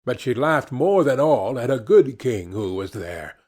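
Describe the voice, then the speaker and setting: A man narrating a fairy tale audiobook in a measured, expressive storytelling manner. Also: medium pitch, slightly rough. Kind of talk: scripted narration.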